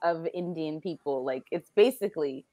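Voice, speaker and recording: A young Canadian woman with a Canadian accent, chatting quickly and laughing often as an English tutor on a video call. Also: sits low, warm tone, no echo. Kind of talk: casual chat on a video call.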